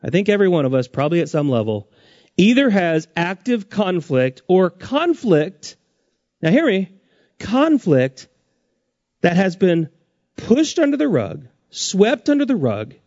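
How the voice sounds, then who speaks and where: A man preaching a sermon as pastor, his pitch rising and dropping sharply for emphasis. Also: sing-song, a little slow, darkish tone, no echo, muffled recording.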